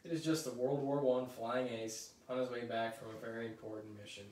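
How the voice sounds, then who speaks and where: A man reading a children's book aloud at a middle pitch, adding chatty asides as he goes. The room echoes, and he sits back from the mic. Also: little pitch movement, fairly quick, darkish tone. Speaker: story reader. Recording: roomy echo, mic at a distance.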